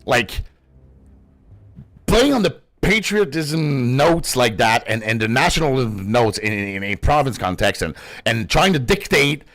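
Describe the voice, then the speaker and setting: Young male streamer, heated and foul-mouthed, very animated delivery, close dry sound. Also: mid-range voice, unhurried, dry recording. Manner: passionate, profane, animated. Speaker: gaming streamer. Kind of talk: casual ranting commentary.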